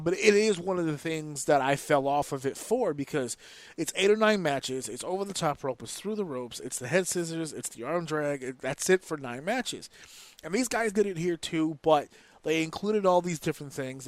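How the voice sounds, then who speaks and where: A man co-hosting a casual wrestling podcast, talking in an animated, profane and opinionated way. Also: a little high, a little fast, no room sound. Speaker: podcast co-host.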